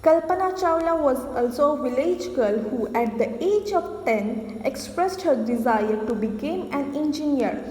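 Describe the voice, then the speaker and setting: High-voiced woman teacher, echoey room. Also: lively intonation, warm tone. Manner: asks questions and answers them herself, repeats points slowly. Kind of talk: classroom lesson mixing English and Hindi. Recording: echoey room with long reverb.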